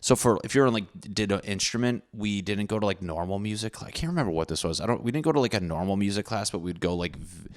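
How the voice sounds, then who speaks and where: Young male podcast host, low voice, casual profane storyteller who mocks himself. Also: expressive, fast talker, few pauses. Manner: profane, rambling, self-mocking.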